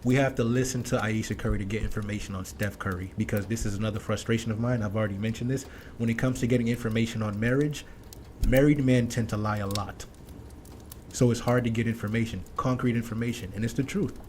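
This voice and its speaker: A man's voice: on the low side, steady tone, fast, darkish tone, a little hiss or hum. A man hosting a reaction commentary, blunt, emphatic and opinionated. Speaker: commentary host.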